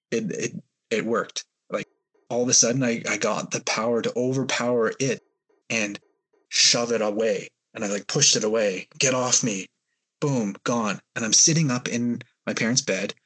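A man's voice: on the low side, a bit bright, slightly rough. A man, a guest on a podcast, tells a personal story in a hesitant, rambling way with many fillers. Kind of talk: storytelling in an interview.

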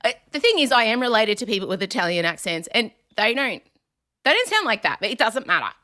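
A woman co-hosting a podcast in casual chat, animated and joking, slipping into mock voices for laughs. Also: on the high side, fast talker. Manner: animated, puts on mock accents for jokes. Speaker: podcast co-host.

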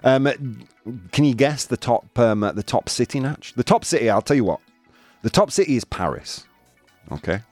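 Man, show host, animated pitch, dry close sound, faint music behind, playful chat. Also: moderate pace, dry recording. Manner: playful, laughing, mixes in Spanish phrases. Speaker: host of a live daily show. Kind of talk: casual live show chat. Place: studio in Madrid.

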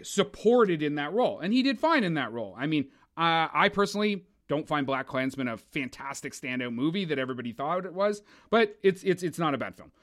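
Animated high-voiced man reviewing films. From Canada. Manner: opinionated, animated, swears, mocks with put-on voices. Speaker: podcast co-host. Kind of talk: casual film review chat.

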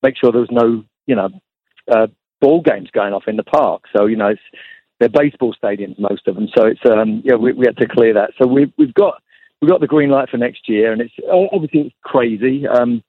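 A man's voice: mid-range voice, brisk, breathy edge, no room sound. Guy phoning into a podcast, tinny line, mid voice, rambles easy with lots of ums. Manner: relaxed and rambling, many fillers. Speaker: guest guitarist. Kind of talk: casual interview chat. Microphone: phone call.

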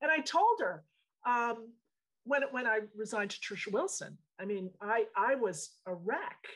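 A woman who owns a design studio, telling stories in a frank, animated, emphatic way in a casual interview. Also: fairly high pitch, unhurried, poor audio.

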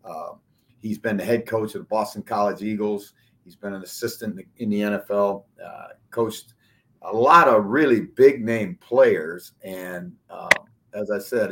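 A male sports talk host with a bright, forceful tone and a fairly low pitch. He speaks casually and with enthusiasm, restarting phrases as he goes. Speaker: podcast host.

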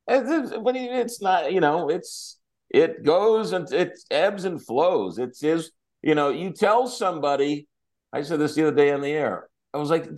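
Lively animated male talk host. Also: a little high, normal speed. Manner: animated, repetitive, exasperated. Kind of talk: casual political chat.

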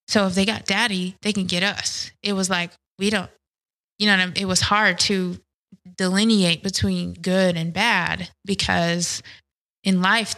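A woman in an interview, speaking candidly and reflectively about her past, often pausing and restarting her sentences. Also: mid-range voice, creaky, bright, forceful tone, poor audio. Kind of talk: personal testimony interview.

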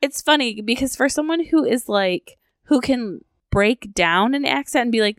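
A woman's voice: fairly high pitch, animated, normal speed, hardly any pauses, no room sound, clean studio sound. A woman co-hosting a podcast in casual chat, giggly and teasing. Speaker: podcast co-host.

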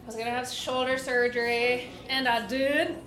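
A woman with a high, steady voice at normal speed tells a candid, comedic story in a casual way, giggling and saying "like" a lot. The room is echoey, with background noise.

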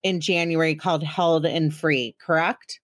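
A woman's voice: low voice, steady tone, measured pace, dry recording, clean studio sound. A woman in her thirties hosting a podcast, talking in a chatty, self-deprecating and teasing way. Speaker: podcast host. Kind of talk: casual chat.

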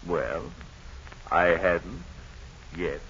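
A man's voice: low-pitched, drawn-out words, a bit bright, husky, exaggerated voice. A man playing a scheming villain henchman in a 1930s radio serial, with a menacing, gloating manner. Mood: cagey. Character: scheming male villain henchman turned rogue. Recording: dull old radio transcription.

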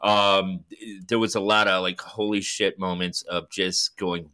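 A man talks films on a podcast in a loose, animated way, swearing freely and slipping into little acted-out bits. His voice sits fairly low but comes across bright and forceful. The delivery is unpolished and chatty. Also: a little slow, clean tone. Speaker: podcast co-host. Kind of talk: casual film discussion.

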